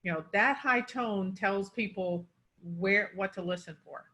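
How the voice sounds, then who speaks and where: A woman's voice: medium pitch, a little slow, bright, forceful tone. A woman coaching pronunciation, explaining word stress and demonstrating it on example words.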